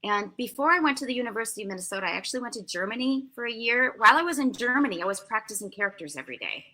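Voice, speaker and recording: Bright-voiced older American woman explaining. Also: on the high side, racing. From United States. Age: 60s. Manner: explanatory, lively, emphatic. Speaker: interview guest, language teacher. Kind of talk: conversational interview answers.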